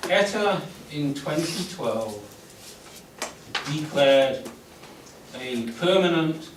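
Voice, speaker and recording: A man's voice: a little high, animated, extremely slow. A man giving a classroom lecture in an explanatory way, often restarting his sentences. He speaks from a distance in an echoey classroom, with faint background noise. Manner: explanatory, frequent restarts and fillers.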